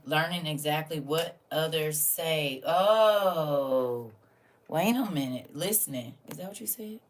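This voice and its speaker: A woman's voice: sits low, recorded from a distance, slight background noise. A woman hosting a casual livestream, teasing and preaching to her chat. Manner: sassy, teasing, preachy, loud bursts of scolding. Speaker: livestream host teaching a class.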